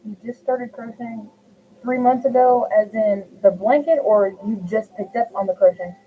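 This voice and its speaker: A woman's voice: a little high, normal speed, warm tone. A middle-aged woman chatting casually while she crochets at home, reading viewers' comments aloud and answering them by name. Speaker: crochet livestream host. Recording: tinny phone-like audio with faint hiss.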